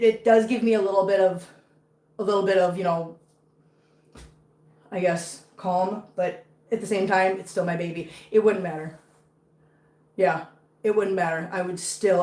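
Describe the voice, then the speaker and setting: A woman's voice: medium pitch, a little mellow. Chatty woman in an echoey room. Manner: chatty and emotional, anxious about her cat. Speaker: cat-owning live streamer. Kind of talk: casual livestream chat. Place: home with many cats.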